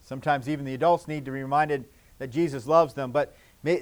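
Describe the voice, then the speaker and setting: A man preaching a children's sermon in church, gentle and repetitive, swinging from loud to hushed. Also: medium pitch, steady tone, a little fast. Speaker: pastor.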